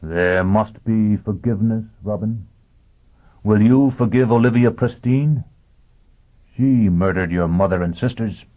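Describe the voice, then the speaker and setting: A driven, bitter man challenges a room with pointed, intense questions, as a man reads him. The voice sits fairly low and slightly husky. The sound is thin and tinny, like a phone line. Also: unhurried. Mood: challenging.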